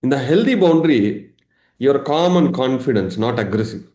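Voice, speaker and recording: A man teaching a live online session as a meditation coach, lively, acting out everyday examples and laughing. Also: medium pitch, moderate pace, reverberant. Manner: animated, acts out examples, laughs often.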